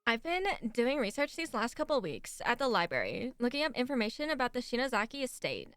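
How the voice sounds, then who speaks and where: A woman's voice: fairly high pitch, sing-song, brisk, fairly bright tone, smooth, dry recording. A woman voicing a bossy teenage girl class rep with an occult streak, reading game dialogue aloud in a put-on Valley Girl voice. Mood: earnest.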